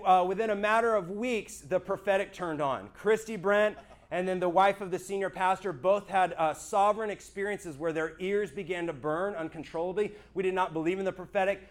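A man with a high voice shares his church testimony with a small group. He speaks earnestly and with animation, and he keeps asking his listeners whether they follow him. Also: a little fast.

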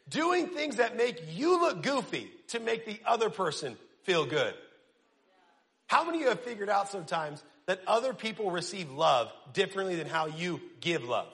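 A young man preaching a casual, energetic sermon, using slang and quizzing his audience. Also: sits high. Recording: long reverb of a large hall.

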